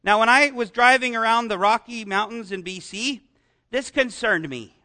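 High, bright-voiced male pastor preaching. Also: normal speed. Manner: conversational, asks the congregation questions. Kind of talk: sermon.

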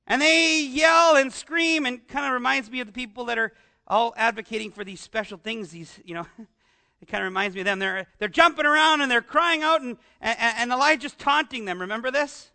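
A man preaching a conversational sermon into an amplified microphone, animated and often asking his congregation rhetorical questions. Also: extremely high pitch, fairly quick, creaky. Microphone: amplified microphone with some feedback.

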